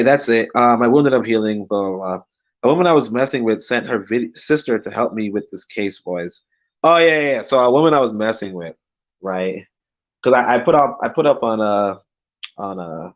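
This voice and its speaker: A man ranting to his viewers, swearing often and piling on filler words as he retells events. His voice sits at an ordinary middle pitch, and the recording sounds a little muffled. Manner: profane, agitated, many filler words. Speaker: vlogger. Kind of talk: casual storytelling rant to viewers.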